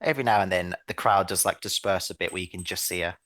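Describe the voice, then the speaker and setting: A man's voice: sits low, fairly even intonation, fast talker, a bit bright, dry recording. A man narrating a tabletop game as game master, laid-back and descriptive.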